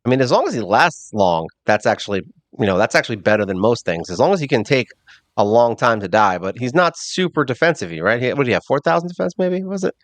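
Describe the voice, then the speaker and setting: A man hosting a mobile game channel, giving casual, rambling gameplay commentary and thinking out loud with a self-mocking streak. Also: mid-range voice, sing-song, quick pace, no room sound.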